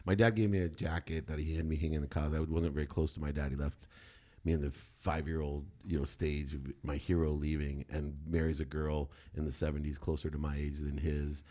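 A man's voice: extremely low pitch, a little fast. A middle-aged man, a podcast guest, telling a candid personal story in an emphatic way. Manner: emphatic, animated when quoting himself.

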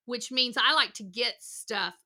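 A slightly high voice and a measured pace mark this middle-aged woman, a counselor interviewed as a podcast guest. She tells her stories in an animated, energetic way, putting on small acted voices.

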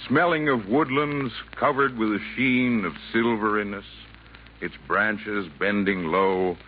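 A man playing a calm, wise Santa Claus in 1940s radio acting, gently lecturing in rhyming verse, on a tinny old broadcast with faint hiss. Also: fairly low pitch, unhurried, close to an everyday voice. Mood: earnest.

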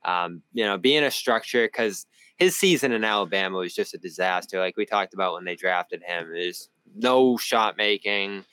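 A man with a Boston accent talks basketball as a reporter and podcast co-host. His voice sits low and sounds smooth. He rambles through his points and restarts often, recorded dry and close. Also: normal speed, bright, forceful tone, dry recording. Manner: rambling analysis with frequent restarts. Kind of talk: casual basketball chat.

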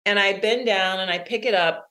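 Brief: middle-aged woman, interview guest, animated storyteller with easy laughs, mid-range voice. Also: mid-range voice, normal speed. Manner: lively storyteller who laughs often. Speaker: interview guest, author and creativity strategist. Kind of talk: storytelling in conversation.

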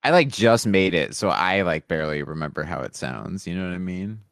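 A man's voice: deep voice, expressive, brisk, creaky, a bit bright, smooth, dry recording, studio quality. A man co-hosting a live podcast, joking and swearing casually in loose banter. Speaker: podcast co-host.

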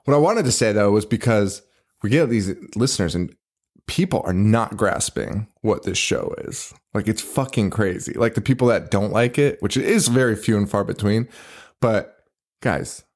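A man's voice: on the low side, animated, normal speed, darkish tone. A man co-hosting a casual horror podcast chat, talking loosely with lots of swearing and restarts. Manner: loose and profane, swears often; rambling, with restarts. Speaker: podcast co-host.

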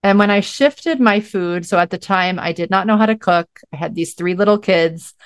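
A woman's voice: mid-range voice, normal speed, clean tone, dry recording, studio quality. A middle-aged woman, a podcast guest, telling her story in a casual, chatty way, full of "like"s and acting out what she said to herself. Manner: chatty, many "like"s, acts out her own quotes.

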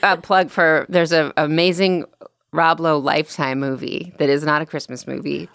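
A woman with a notably low voice, a guest on a podcast, recounting things in a wry, deadpan manner. The recording is close and dry, with no room sound. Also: moderate pace, vocal fry, clear, resonant tone, no echo. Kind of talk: casual chat.

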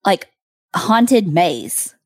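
A woman's voice: on the low side, very animated, drawn-out words, no echo, clean studio sound. A woman co-hosting a podcast, chatting casually in a blunt, jokey way, swearing now and then. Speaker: podcast co-host.

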